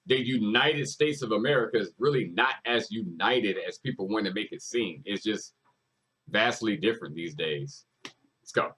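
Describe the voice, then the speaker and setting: A man's voice: fairly low pitch, normal speed, fairly bright tone, breathy edge, low-quality recording. A man hosting a music reaction video, talking casually and emphatically, repeating lyrics and hyping up the artist.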